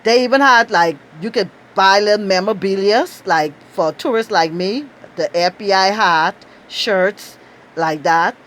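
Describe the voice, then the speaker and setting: A middle-aged Bahamian woman with a Bahamian accent, telling a lively, outspoken story and laughing often. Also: measured pace. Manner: animated, outspoken, laughs often, acts out quotes in high bursts. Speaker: travel storyteller. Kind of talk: casual storytelling.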